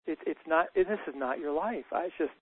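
A man's voice: a little high, a little fast, slightly rough. Thoughtful man on a tinny phone line. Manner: warm, thoughtful, repeats words as he starts sentences. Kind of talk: reflective conversation.

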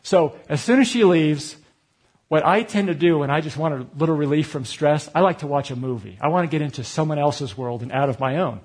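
A middle-aged man from Connecticut delivers a sermon as a personal story, acting out the conversations he recounts. His voice sits a bit higher than most men's and carries a breathy, husky edge. The tone is candid and confessional. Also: fairly quick, darkish tone. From Connecticut, USA. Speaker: pastor.

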